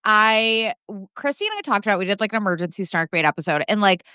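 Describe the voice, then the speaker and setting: A woman guesting on a pop culture podcast, chatty and quick with asides, saying "like" often. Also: mid-range voice, expressive, bright, forceful tone, clear, resonant tone, no room sound, clean studio sound. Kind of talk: casual pop culture chat.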